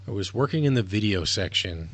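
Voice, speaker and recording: A man's voice: on the low side, expressive, brisk, fairly bright tone. A man streaming live, talking casually in a rambling, self-correcting way as he explains things. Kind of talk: casual livestream monologue.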